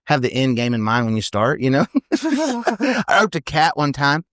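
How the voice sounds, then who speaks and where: A man in his thirties, a professional team roper, telling stories in a casual, animated podcast interview and often tacking on "you know what I mean". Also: mid-range voice, moderate pace, no room sound, clean studio sound.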